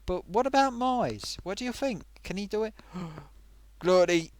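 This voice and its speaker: A man hosting a casual live stream, chatting away and reading out viewer comments. His voice sits a touch high and moves lively up and down. The sound is dry and close. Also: moderate pace, no room sound.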